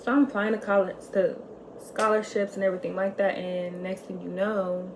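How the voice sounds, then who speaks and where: Young woman, vlogger, mid pitch, casual and confiding, fillers everywhere, faint noise under her voice. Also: level tone, normal speed. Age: young adult. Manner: candid and chatty, many "like" fillers, swings between loud and quiet. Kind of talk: casual storytelling monologue.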